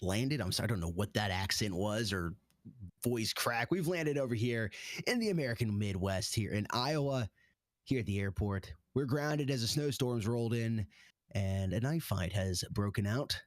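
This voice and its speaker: Man in low-voiced esports play-by-play. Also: normal speed, no room sound, studio quality. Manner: excitable, rambling play-by-play. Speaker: esports caster. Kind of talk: live esports commentary.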